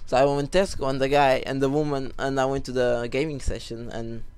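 A young man telling a rambling story while giving casual commentary over a football video game, breaking off for excited goal calls. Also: mid-range voice, brisk, a little hiss or hum. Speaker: gaming YouTuber.

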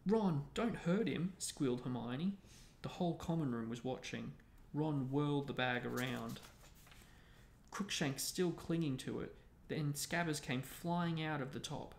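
A man hosting a book discussion, narrating a novel aloud in a steady reading voice. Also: medium pitch, a little slow, creaky. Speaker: host and book reader. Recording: echoey room, faint noise.

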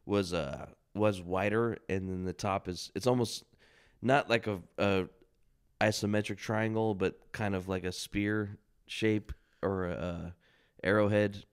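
A man co-hosting a podcast, chatting in a relaxed, rambling way and swearing freely. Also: on the low side, unhurried, smooth. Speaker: podcast co-host. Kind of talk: casual podcast chat.

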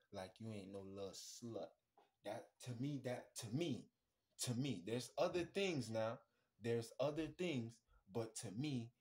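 A man hosting a podcast, ranting bluntly and crudely, swinging between muttering and loud outbursts. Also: fairly low pitch. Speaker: podcast host. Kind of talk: casual podcast rant.

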